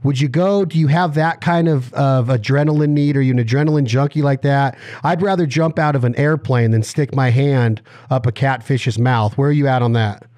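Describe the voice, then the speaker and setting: A man's voice: mid-range voice, normal speed, few pauses, a little mellow, dry recording. A man hosting a casual interview, joking and rambling through long strings of questions. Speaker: podcast host.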